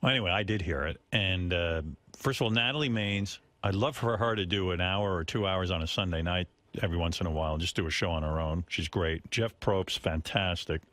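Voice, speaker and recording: A man's voice: low voice, a little fast, hardly any pauses, fairly bright tone, dry recording. A man hosting a radio talk show, rambling with fillers and teasing his crew. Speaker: radio host.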